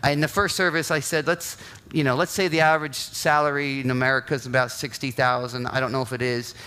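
A male pastor delivering a sermon, telling the story in an animated way, acting out quotes and often checking in with "right?". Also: medium pitch, fast, clear, resonant tone.

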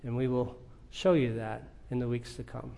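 A man preaching a sermon, with emphatic, deliberate phrasing and pointed rhetorical questions. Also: mid-range voice, fairly even intonation, gravelly, mellow.

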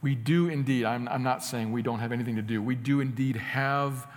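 A man preaching a sermon, earnest, swinging between loud emphatic lines and quiet asides. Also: mid-range voice, fairly even intonation, brisk. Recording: long hall reverb.

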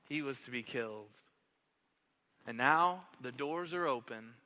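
A man's voice: medium pitch, a little slow, pauses often, bright, forceful tone, in a large hall. A man preaching a sermon as pastor, telling a parable dramatically and building to emphatic questions.

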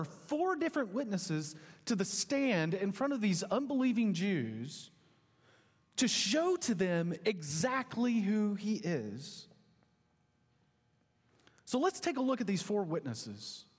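A man in his thirties, a pastor, telling a story in an animated, conversational sermon. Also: sits high, slightly rough. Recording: long hall reverb.

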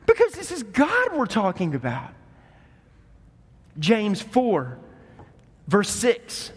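Pastor, male, very high-pitched, animated storyteller, recorded in an echoing hall. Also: slow, slightly rough. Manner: animated storytelling, acts out voices in quotes. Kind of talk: sermon. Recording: long hall reverb.

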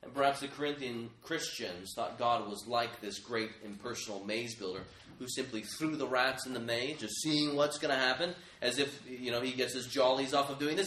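A man's voice: medium pitch, normal speed, bright, forceful tone, a little hiss or hum. A man preaching a sermon, earnest and emphatic, speaking straight to his listeners as friends. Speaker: pastor. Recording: echoey room.

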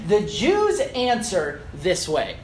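A man preaching a sermon, earnest and explanatory, slowing down to stress key phrases and building emphasis. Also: high-pitched, huge pitch swings, a little hiss or hum.

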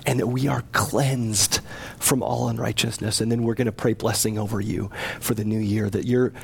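A man pastoring a church service, earnest and gently pleading, with soft laughs as he leads people toward confession. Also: mid-range voice, gravelly, slightly rough. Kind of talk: sermon. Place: church sanctuary.

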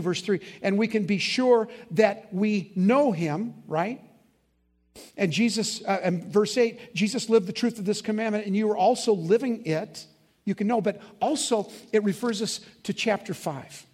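A man with a notably high voice delivers a sermon as pastor. He is emphatic and slows down to press on the key words. He often poses questions for the congregation to answer aloud. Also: darkish tone. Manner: asks the congregation to fill in answers.

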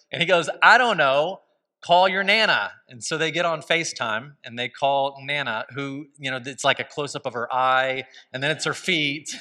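Bright-voiced male pastor preaching. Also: mid-range voice. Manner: conversational storytelling with humor. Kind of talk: sermon.

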